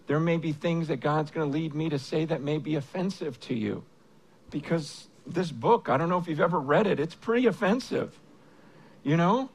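Man in his fifties, preacher on stage, high-pitched voice, gravelly fry, earnest, stumbling restarts. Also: moderate pace, low-quality recording. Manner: earnest, stammering restarts, swings between hushed and fervent. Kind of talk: personal testimony sermon. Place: stage before a large audience.

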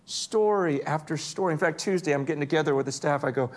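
A man preaching a sermon, telling stories with energy and swinging between hushed and excited moments. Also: on the high side, fast. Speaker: pastor.

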